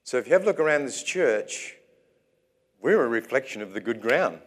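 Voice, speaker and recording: A man preaching a sermon in a church as its pastor, speaking in measured phrases with pauses between them. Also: medium pitch, sing-song.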